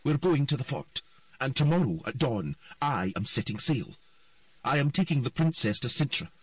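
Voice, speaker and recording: A cold, imperious old queen, played by a male narrator, her voice pitched well up and delivered loud and forceful. She speaks with clipped, stern authority. The recording is dry and set a little back from the mic. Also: no echo, distant mic, natural voice.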